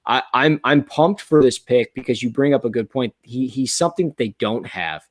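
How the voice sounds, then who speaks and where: A man hosting a sports podcast, talking in a rambling, excitable way with many restarts. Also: mid-range voice, normal speed, no echo, clean studio sound. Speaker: podcast host. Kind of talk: casual sports chat.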